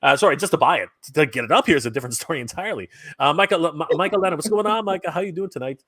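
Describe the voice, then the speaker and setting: A Canadian man hosting a live stream in casual chat, reading out viewer comments and giving upbeat shout-outs. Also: a little high, expressive, rapid-fire, no room sound.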